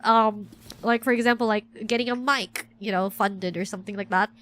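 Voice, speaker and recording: A woman's voice: mid-range voice, steady tone, moderate pace, fairly bright tone. A woman streaming as a VTuber, chatting casually and rambling with lots of restarts about herself. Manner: rambling, self-deprecating, many restarts. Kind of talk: casual livestream chat.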